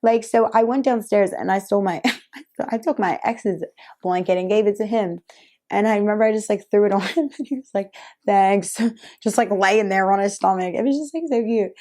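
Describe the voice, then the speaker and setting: Young woman vlogger, casual storyteller, soft dark tone, filler-heavy chatty delivery. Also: medium pitch, a little fast. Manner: chatty, lots of "like" fillers, frequent laughs.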